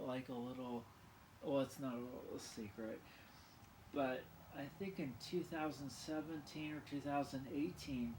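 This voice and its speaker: A man's voice: mid-range voice, fairly even intonation, unhurried, a little mellow. A man vlogging casually, rambling and self-mocking, repeating words aloud to practise saying them. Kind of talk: casual vlog chat. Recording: roomy sound with clear background noise.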